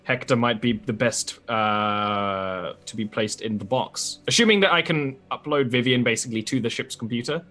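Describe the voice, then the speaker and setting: A man in a mid-pitched voice, playing in a tabletop role-play game. He talks casually and laughs often, with faint music under the session. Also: normal speed, hardly any pauses, pushed and bright. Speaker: player.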